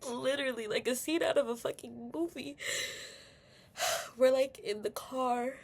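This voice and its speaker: A woman's voice: sits high, measured pace, vocal fry. Candid, swearing young woman venting. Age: young adult. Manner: candid, swearing, many fillers, tearful at times. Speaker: vlogger. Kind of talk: emotional personal rant.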